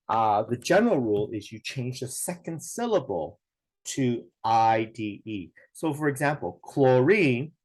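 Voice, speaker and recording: A man's voice: mid-range voice, a little mellow. A man teaching a science lesson, explaining step by step in a patient way, with a lot of "okay" and "now". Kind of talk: recorded classroom lesson.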